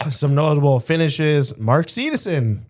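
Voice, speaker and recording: A man's voice: fairly high pitch, expressive, slow, darkish tone. A man co-hosting a casual podcast chat, a bit sick, with a nasal voice and a cough, laughing as he tells stories. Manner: laughs while telling stories. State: sick with a cough and stuffy nose. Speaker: podcast co-host.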